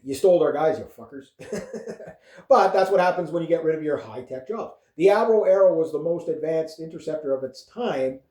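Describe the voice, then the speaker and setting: A man's voice: on the high side, lively intonation, moderate pace, dark tone. A Canadian man vlogging a casual political rant, rambling and profane, full of fillers and chuckles. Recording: echoey room.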